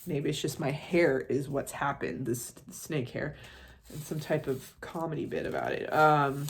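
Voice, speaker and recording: An American art vlogger chats casually, rambling through tangents and side stories and swearing offhandedly. Her voice is deep and her pace moderate.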